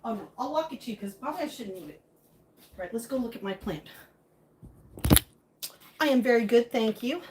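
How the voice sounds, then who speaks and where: A woman's voice: on the high side, expressive, brisk, pauses often, heavy background noise. A woman hosting a live stream from her home kitchen, chatting casually and joking as she answers viewer comments while she cooks.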